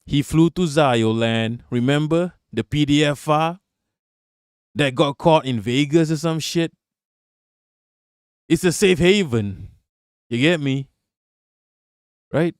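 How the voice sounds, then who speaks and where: A man's voice: on the high side, slow, long pauses, smooth, dry recording, studio quality. Profane sarcastic man on a live stream. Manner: profane, sarcastic, talks to chat. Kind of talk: casual live-stream commentary.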